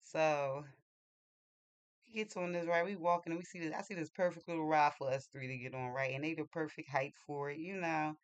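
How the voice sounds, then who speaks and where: A vlogger telling a story in a casual monologue, slangy and animated, with lots of repeats and restarts. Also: mid-range voice, a little fast.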